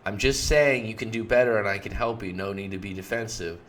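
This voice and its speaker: An eager boyfriend who won't drop his offers of help, as a man acts him out. He sounds insistent, in a fairly low, everyday voice. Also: a little fast, fairly bright tone, close to an everyday voice. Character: pushy, helpful-acting boyfriend.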